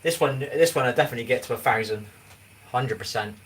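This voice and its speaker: A man's voice: mid-range voice, fast talker. A man in his forties with an English accent, chatting casually on a livestream and rambling as he keeps asking if you know what he means. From England. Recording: distant mic with faint background noise.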